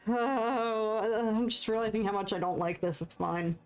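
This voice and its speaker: American woman, young, excitable, self-deprecating, chatting while painting on a live stream, faint music behind. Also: mid-range voice, measured pace, few pauses. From United States.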